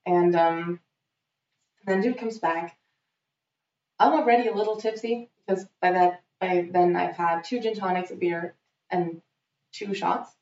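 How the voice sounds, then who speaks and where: A woman's voice: fairly low pitch, measured pace, long pauses, far from the mic. Woman, casual storyteller, off-mic in a roomy space, muffled sound. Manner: lively storyteller acting out quotes. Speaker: guest telling a story. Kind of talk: casual chat.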